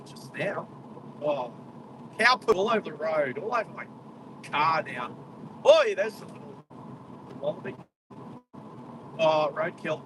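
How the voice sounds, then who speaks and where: A chatty Australian man with a high voice hosts a livestream while driving on a country road, talking to his live chat and exclaiming at the wildlife he spots. He's very animated yet unhurried, with long pauses. A distant car mic picks up his commentary along with road noise.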